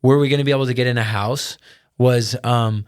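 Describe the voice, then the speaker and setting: A man's voice: medium pitch, fairly even intonation, fairly quick, darkish tone, smooth. A man co-hosting a casual chat, earnestly retelling a family story and quoting his own thoughts. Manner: earnest, retelling with quoted self-talk. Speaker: podcast co-host.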